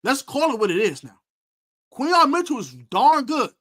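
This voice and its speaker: A lively man with a bright, forceful voice, taunting and boasting as he previews a football game. His pitch swings widely as he repeats his jabs over and over, and he mixes slang in with the talk. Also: normal speed. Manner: animated, boastful, repetitive taunting. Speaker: sports podcast host. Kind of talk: trash-talking football preview.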